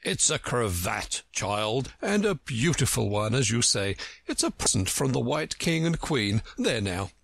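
A man's voice: medium pitch, big pitch swings, a little slow, gravelly, a bit bright, dry recording, exaggerated voice. A man voicing a pompous, touchy male know-it-all from a storybook who lectures everyone he talks to. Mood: grumbling. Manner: self-important, lecturing.

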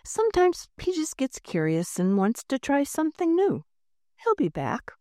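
A curious, clever schoolgirl who builds her own gadgets, brisk and determined, as a woman reading a storybook puts her on. Her voice swings lively up and down, with a warm tone and a dry sound close to the mic. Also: high voice, dry recording, pitched above the performer's own voice.

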